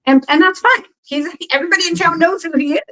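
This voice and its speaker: Extremely high-pitched and fast-talking, a woman guesting on a podcast rambles through a story with plenty of fillers. She acts out what others said, and the recording is low quality.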